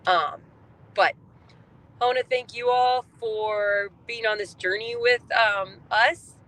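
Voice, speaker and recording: A woman talking openly and warmly about her life in a candid personal vlog, chatty and heartfelt, with plenty of fillers, recorded inside a car. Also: a little high, steady tone, slow pace, poor audio. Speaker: vlogger sharing her health journey.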